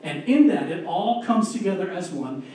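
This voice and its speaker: A man delivers an earnest sermon with a slightly raised, mellow tone, slowing to press each key word. The sound comes from far across a very echoey church, with a faint hiss underneath. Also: sits high, expressive. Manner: earnest, emphatic, slows down to stress key words. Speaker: lay preacher. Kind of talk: sermon with scripture reading. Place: church sanctuary. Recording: distant, echoey church room recording.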